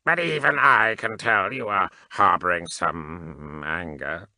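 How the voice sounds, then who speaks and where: Cold mechanized male cyborg priest, voiced by a male narrator; very deep, sharp edge, calculating. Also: no echo, full character voice. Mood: cold, detached. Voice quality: flat mechanical delivery. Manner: measured, clipped, unhurried formal speech. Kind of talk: audiobook character reading.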